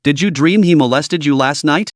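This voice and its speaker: A man's voice: a little high, normal speed, dry recording, clean studio sound, lightly acted. A man putting on a naive, blurting young girl. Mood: flustered.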